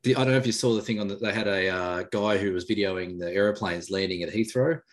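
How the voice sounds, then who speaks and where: A man in his thirties co-hosting a casual live chat over a video call, quick and jokey. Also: lowish voice. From Australia. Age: 30s. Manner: quick, jokey, laughs easily. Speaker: podcast co-host.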